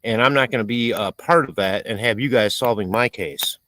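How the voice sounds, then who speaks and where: A man with a medium-pitched, pushed, bright voice talks at a moderate pace in a low-quality recording. He's hosting a casual live stream outdoors in a rural area, cooking while he rambles, swears and reads chat messages aloud.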